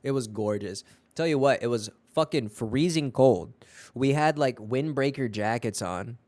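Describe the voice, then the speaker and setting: A man streaming from home, chatting casually with viewers in a rambling, profane, animated way. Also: medium pitch, unhurried, no room sound.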